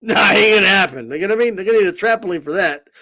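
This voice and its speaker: Lively, high-voiced man ranting. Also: very fast. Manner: animated, swearing, rambling with many fillers. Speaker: boxing commentator. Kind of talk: casual boxing talk vlog.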